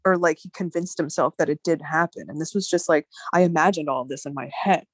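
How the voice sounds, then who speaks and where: A woman in her thirties telling a story in casual conversation, animated, with many fillers and swearing. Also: low-pitched, fairly quick, breathy edge, no room sound. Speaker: guest.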